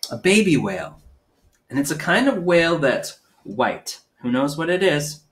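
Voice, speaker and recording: A children's music entertainer with a fairly high voice and big pitch swings speaks at normal speed. Accompanying himself on guitar, he guides preschoolers through a live sing-along, offering brief spoken prompts between songs.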